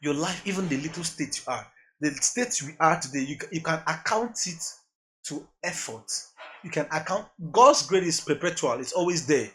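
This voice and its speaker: A man's voice: on the high side, expressive, normal speed, a bit bright. A man with a Nigerian accent who mixes in Pidgin, a music producer talking about his journey as a podcast guest, earnest and reflective, repeating phrases as he thinks. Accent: Nigerian, mixing in Pidgin. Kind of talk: casual interview chat.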